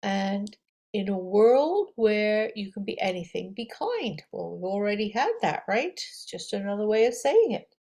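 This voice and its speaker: A woman yoga teacher gently leading affirmations and breathing for a guided meditation. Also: medium pitch, sing-song. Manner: gentle, slow, encouraging, with audible breaths.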